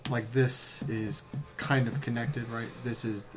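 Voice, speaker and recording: A man's voice: medium pitch, little pitch movement, takes it slowly. Hesitant male player over faint background music. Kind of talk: casual tabletop play.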